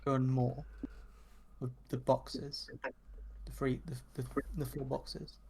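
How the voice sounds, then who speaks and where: A player in a casual tabletop game, quick to tease and argue back. The tone is playful banter among friends. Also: mid-range voice, level tone, vocal fry, dark tone, breathy edge. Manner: teasing and argumentative.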